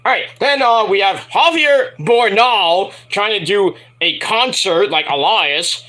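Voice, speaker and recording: A man's voice: high-pitched, slow pace, sharp tone. A man reviewing a wrestling show in a casual, profane, rambling and jokey solo commentary.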